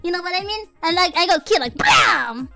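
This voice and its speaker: Very high-voiced playful woman streamer. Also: steady tone, racing, a bit bright, faint music behind. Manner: playful, goofy, swears casually, reads chat aloud. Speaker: VTuber streamer. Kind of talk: casual livestream chat.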